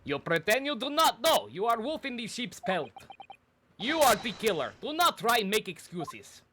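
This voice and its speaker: A man voicing a gruff male sailor with a put-on Russian accent, blunt, menacing and in broken phrasing. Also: high voice, very animated, normal speed, pushed and bright, a little hiss or hum, exaggerated voice. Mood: accusing.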